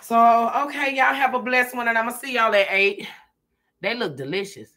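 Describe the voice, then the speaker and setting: A woman vlogging in a relaxed, chatty way, talking straight to her viewers and laughing often. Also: fairly high pitch, normal speed. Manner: chatty, folksy, laughs often, addresses viewers as "girl" and "y'all". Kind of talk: casual chat to viewers while eating.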